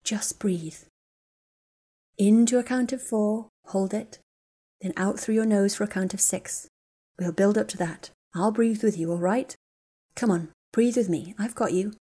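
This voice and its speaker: A woman reading a story aloud, voicing a calm, caring young woman who comforts a friend in a steady, soothing way. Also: medium pitch, a little slow, breathy edge. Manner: soothing, steady, gently urgent.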